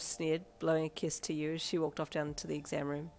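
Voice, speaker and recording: A woman reading a second-person fanfiction story aloud in steady, plain narration. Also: low voice, a little fast, hardly any pauses.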